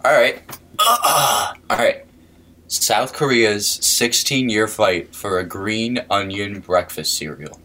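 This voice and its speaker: A man's voice: lowish voice, slow, pushed and bright, slight background noise, poor audio. A young man co-hosting a podcast, chatting casually and animatedly. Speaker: podcast co-host. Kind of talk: casual chat.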